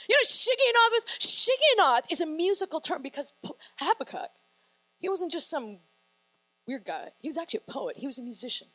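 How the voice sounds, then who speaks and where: A woman preaching a lively, playful sermon that rises to shouted praise. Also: very high voice.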